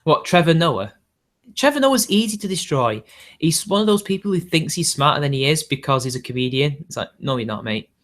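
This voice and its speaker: Bloke rambling on a stream, bit higher pitched, lots of "i dunno"s and little laughs. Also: male voice, sing-song, brisk, a bit bright. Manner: rambling, hedging, frequent chuckles. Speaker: livestream host. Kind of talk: casual off-the-cuff chat.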